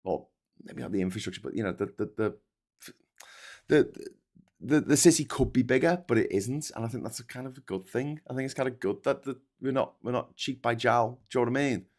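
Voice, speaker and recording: A man's voice: medium pitch, brisk, darkish tone. Brief Middle-aged Scouse male streamer, rambling, sarcastic, swears, lots of false starts. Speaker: host of a livestream news chat. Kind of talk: casual livestream commentary reading super chats.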